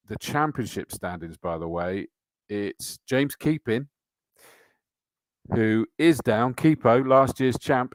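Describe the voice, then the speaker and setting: Chatty man, lowish dry voice. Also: no room sound. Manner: chatty, matey, reads out comments and entry lists. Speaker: host. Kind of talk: live-stream chat reading viewer comments.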